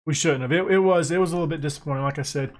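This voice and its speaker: American guy, gaming commentary, excitable, self-mocking, a bit high-voiced. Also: rapid-fire. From United States. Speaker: gaming YouTuber. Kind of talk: casual gameplay commentary.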